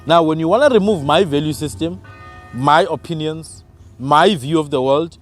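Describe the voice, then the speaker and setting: A man's voice: a little high, normal speed, soft background music. A man from Africa, arguing his views with emphatic rhetorical questions in a passionate podcast conversation. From South Africa.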